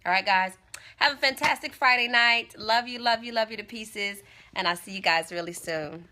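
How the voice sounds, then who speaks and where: A woman's voice: fairly high pitch, normal speed, sharp tone. A woman speaking casually and earnestly on a phone livestream, encouraging her viewers and repeating phrases for emphasis. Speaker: motivational speaker. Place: Tampa.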